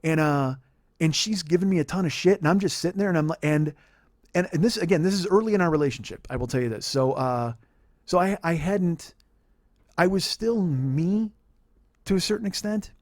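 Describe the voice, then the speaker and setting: A man's voice: on the high side, a little fast, a little mellow, dry recording, clean studio sound. A man in his forties hosting a podcast, telling a personal story in a heated, profane, rambling monologue. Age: 40s. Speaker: podcast host.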